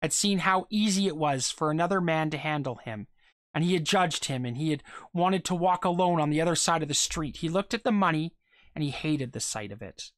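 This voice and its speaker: A reader telling a short story aloud in a steady voice, with small stumbles and repeated words. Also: medium pitch, brisk, dry recording, studio quality.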